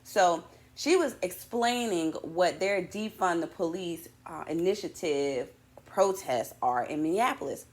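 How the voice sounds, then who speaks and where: In a lowish voice and at a slightly slow pace, the woman fronting a morning show runs through a casual, lively monologue full of slang. Along the way she keeps throwing playful asides at her viewers.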